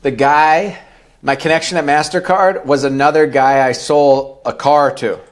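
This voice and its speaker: A man in his thirties with a somewhat high voice talks through his story as a podcast guest. He is blunt and swears freely, and he sometimes slips into other people's lines as he tells it. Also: fairly even intonation, a little slow. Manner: blunt and profane, acts out quoted dialogue. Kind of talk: candid storytelling interview.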